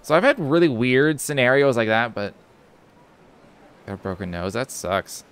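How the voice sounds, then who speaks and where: A man's voice: mid-range voice, sing-song, normal speed, fairly bright tone, clean tone. Rambling young male game streamer. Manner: rambling, full of "like" and restarts, casual swearing. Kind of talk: casual storytelling while gaming.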